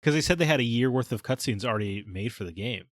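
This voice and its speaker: A man's voice: mid-range voice, lively intonation, fast talker, dry recording, studio quality. Teasing male podcast co-host. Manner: teasing, jokey. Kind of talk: casual podcast chat.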